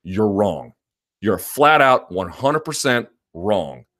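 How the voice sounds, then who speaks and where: Emphatic low-voiced man hosting a podcast. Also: sing-song, slow pace, fairly bright tone. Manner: emphatic and combative, repeats points; casual with many fillers. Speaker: MMA podcast host. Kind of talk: live-stream commentary.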